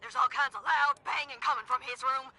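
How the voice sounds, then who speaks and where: A woman's voice: sits high, sharp tone. An actress playing a frantic female apartment manager who talks in a panicky rush in a video game. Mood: panicked. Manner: panicky and rushed.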